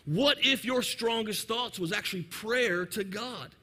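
A man preaching a lively, joking sermon in church, sometimes shouting for emphasis. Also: high-pitched, unhurried. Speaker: pastor. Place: church sanctuary.

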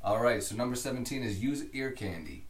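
A man hosting a podcast, giving a producer tip in a relaxed, rambling way. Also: mid-range voice, a little fast, echoey room, distant mic. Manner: relaxed, rambling with many "like" fillers. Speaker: podcast host and music producer. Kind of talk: casual podcast chat.

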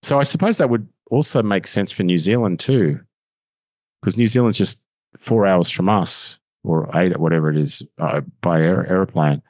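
Rambling Australian man, low voice. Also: normal speed, dry recording, lo-fi sound. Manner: excitable, rambling, laughs at himself. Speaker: voiceover artist guest. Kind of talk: casual podcast chat.

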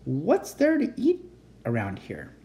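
A reader voicing a gentle, grateful young male dragon in a children's storybook, with a raised, polite and slightly fretful voice. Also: medium pitch, wildly swooping pitch, slow pace, heavily acted. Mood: hungry. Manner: eager, polite, a little fretful. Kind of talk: children's storybook read-aloud.

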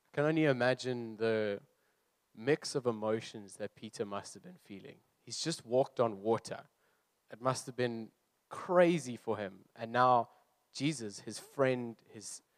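A man's voice: mid-range voice, no echo. A young man who is a youth leader, preaching earnestly and reading scripture aloud before explaining his points. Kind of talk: sermon.

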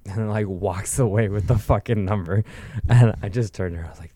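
Deep, dark-voiced young man telling stories. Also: fairly quick, no room sound. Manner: profane, rambling, with frequent likes. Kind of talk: casual storytelling.

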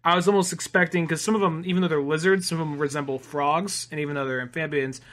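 A man's voice: on the high side, fairly even intonation, fast, a bit bright. A man co-hosting a podcast in casual chat, rambling with fillers and swearing now and then. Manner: rambling, many fillers and restarts, profane. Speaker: podcast co-host.

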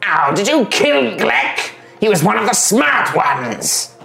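A man's voice: sits high, sing-song, slow, vocal fry, bright, forceful tone, reverberant, faint music behind, voice pushed up, exaggerated voice. A man voicing a grumpy, battle-scarred old male goblin soldier who insults everyone around him. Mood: irritated. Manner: sneering, insulting and impatient.

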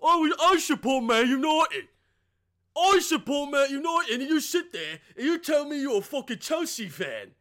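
A man putting on a crude, aggressive English football fan in a mock English accent, shouting threats. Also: very high voice, lively intonation, normal speed, pitched above the performer's own voice, full character voice. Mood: belligerent.

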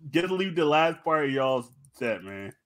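A man's voice: fairly high pitch, very animated, unhurried, no echo. A man co-hosting a podcast, stammering and laughing through casual banter. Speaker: podcast co-host. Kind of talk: casual chat.

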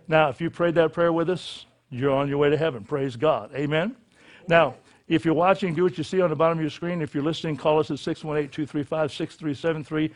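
Fervent pastor leading a church prayer. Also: male voice, fairly high pitch, steady tone, fairly quick. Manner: fervent, repetitive preaching cadence. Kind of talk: altar call and sinner's prayer. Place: church service.

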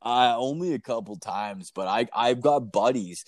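A man's voice: mid-range voice, normal speed. A young man from Canada telling rambling stories in casual chat, full of swearing and fillers.

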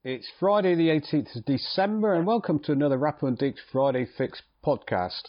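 A man's voice: on the high side, lively intonation, a little fast, few pauses. A man hosting a podcast in casual chat, upbeat and teasing with his questions. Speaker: podcast host. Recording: slightly muffled lo-fi audio.

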